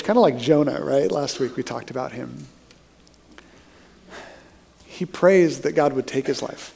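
A man preaching a sermon as pastor, telling stories with energy and dropping to a hushed voice for emphasis. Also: on the high side. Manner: animated storyteller who drops to a hushed voice for emphasis.

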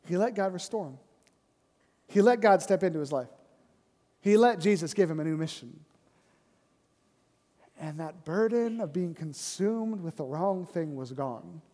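A man preaching a sermon as pastor, conversational and often asking "right?", dropping to a soft, low voice for emphasis. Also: animated, a little slow, long pauses, big-room sound.

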